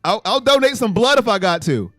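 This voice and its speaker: A man hosting a casual sports live stream and reading out fan comments, animated, swinging between low mutters and loud exclamations. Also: brisk, dry recording, clean studio sound, faint music behind.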